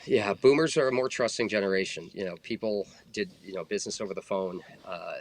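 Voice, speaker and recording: A man's voice: fairly low pitch, a little fast, slight background noise. A man in his forties, a former federal agent, talking earnestly in a casual podcast conversation with many fillers. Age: 40s.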